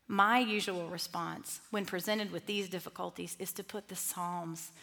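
Lively woman teaching a Bible study. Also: on the low side, moderate pace, gravelly. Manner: lively, conversational, with asides and restarts. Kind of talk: teaching talk to a group.

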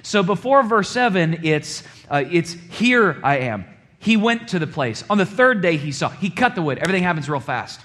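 Male preacher, conversational sermon delivery with a slightly raised pitch, shifting into low, quiet storytelling. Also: sing-song, normal speed. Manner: conversational preaching, checks in with "okay?", drops low and quiet for drama.

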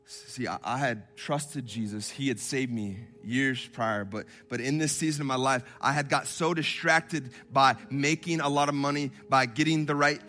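Bright-voiced preaching man. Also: medium pitch, moderate pace, few pauses, soft background music. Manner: impassioned preaching, swelling from hushed to loud. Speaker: pastor. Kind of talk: sermon. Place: church hall with congregation.

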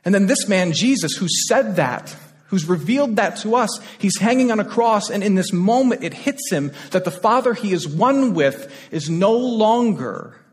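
A man preaching a sermon in a church, his voice pitched high for a man and sweeping widely up and down. He repeats phrases with urgency and then drops to near-whispers. A long reverb from the sanctuary trails after each line. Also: lively intonation, moderate pace. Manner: impassioned, repeats phrases, swings between loud and hushed. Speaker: pastor.

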